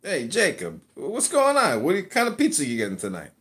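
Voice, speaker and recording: A man's voice: a little high, huge pitch swings, normal speed, a bit bright, a little hiss or hum. A man hosting a live audio chat room, brash and crude, mocking and insulting his guests. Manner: brash, crude and insulting, drawing out words to mock. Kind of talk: casual chat.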